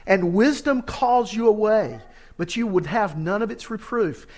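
A man's voice: sits high, unhurried, a little mellow. A man preaching a sermon, reading scripture with earnest urgency.

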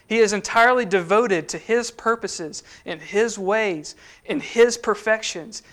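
A man's voice: sits high, fairly bright tone. A man teaching a sermon in a conversational way, with frequent fillers and restarts. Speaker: preacher.

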